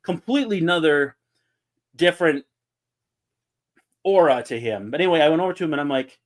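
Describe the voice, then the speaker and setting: A man's voice: fairly high pitch, brisk. A man, co-hosting a casual chat and telling stories that act out quotes. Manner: animated storyteller, acts out quotes. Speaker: podcast co-host.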